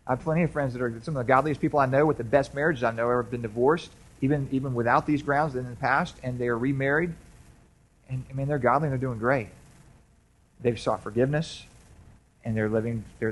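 A pastor preaching a sermon to his congregation in a loose, conversational way, with frequent restarts and questions to the listeners. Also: mid-range voice. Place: church sanctuary.

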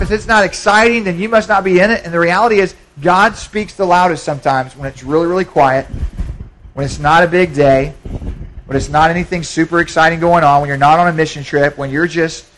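A man's voice: a little high, a bit bright, rough recording. A man pastor preaching a sermon in a church, conversational, with frequent repetitions and restarts.

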